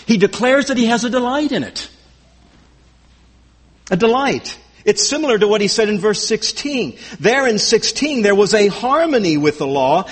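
A man's voice: sits high, lively intonation, normal speed, slightly rough, in a large hall. A man preaching a sermon verse by verse, emphatic and repeating his key phrases. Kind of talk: expository sermon.

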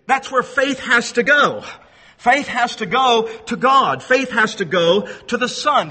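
A man delivers an earnest expository sermon in a high, bright, ringing voice. He repeats words as he restarts and leans hard on key phrases. It is heard through a long hall reverb. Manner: slows down to stress key phrases. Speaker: pastor.

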